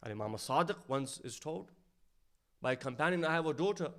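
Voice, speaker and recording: A man giving a sermon, telling a story and dropping to a hushed voice for its sad lines, then rising louder to stress his points. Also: expressive, brisk. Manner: storytelling, drops to a low hushed voice for sad quotes. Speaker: speaker at an Islamic centre.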